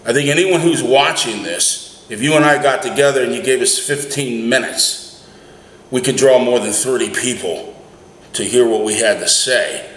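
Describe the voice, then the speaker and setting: Ranting cab driver, echoey room. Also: male voice, mid-range voice, normal speed, fairly bright tone. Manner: emphatic, heated, rhetorical questions. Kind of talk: opinionated political rant vlog. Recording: echoey room, faint ambience.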